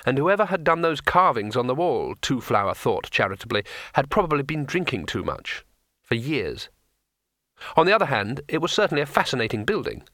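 A man reads an audiobook in a wry, dry storytelling way. His voice is bright and forward. The recording is close and dry. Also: mid-range voice, very animated, brisk, dry recording. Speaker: narrator. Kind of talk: audiobook narration.

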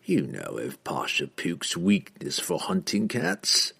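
A man reading an audiobook, voicing a grim male assassin with a slow, low growl. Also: animated, fairly bright tone, slightly rough, heavily acted. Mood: sly.

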